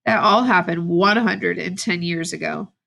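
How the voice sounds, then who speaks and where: A woman teacher reading a novel aloud to her students at a steady, plain pace, with brief asides to the class. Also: fairly low pitch, moderate pace, vocal fry.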